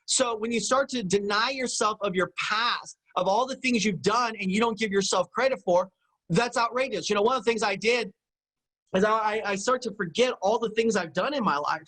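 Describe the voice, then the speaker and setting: A man's voice: sits high, a little fast, pushed and bright, rough recording. A middle-aged man giving a motivational business teaching talk, emphatic and repetitive, often checking in with his listeners. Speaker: business coach.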